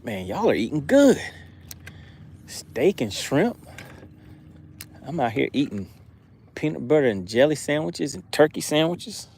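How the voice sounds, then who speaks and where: A man's voice: a little high, very animated, a little slow, creaky, long pauses, darkish tone, husky. A man hosting a fishing livestream, reading viewer comments aloud and laughing often in casual chat.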